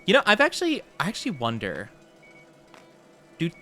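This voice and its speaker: High-pitched and swinging hugely in pitch, the man's voice is pushed and bright, moving at a moderate pace. As a VTuber streaming live gameplay, he reads chat and answers viewers' teasing with flustered, playful denials.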